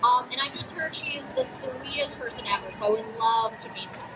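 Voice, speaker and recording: On a live auto show stage with a crowd, a teen actress fields questions in a giggly, bubbly way full of fillers. She speaks briskly in a slightly high voice, recorded from a distance with loud music playing.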